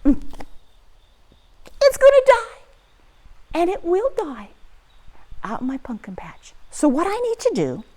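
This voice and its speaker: A woman teaching young children in a lively, sing-song way, talking right to them. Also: sits high. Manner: animated, sing-song, talks to the kids. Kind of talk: children's lesson. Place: barn.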